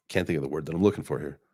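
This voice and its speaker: A man's voice: very deep voice, brisk, no echo. A man hosting a casual online chat, talking loosely with plenty of fillers and restarts. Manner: relaxed, rambling, many fillers. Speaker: host.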